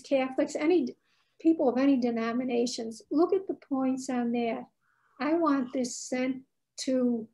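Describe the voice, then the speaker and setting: A woman's voice: high voice, mellow, rough recording. A woman author as a podcast guest, telling stories with passion and indignation. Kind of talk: casual interview chat.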